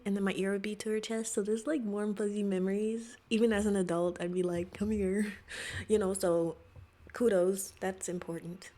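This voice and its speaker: A woman's voice: medium pitch, darkish tone. Exasperated sarcastic woman reacting to a clip. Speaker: reaction video host.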